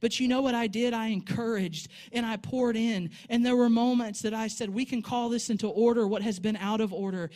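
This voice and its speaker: A woman preaching a sermon in a church sanctuary, telling a story and building to fervent exhortation. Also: a little high.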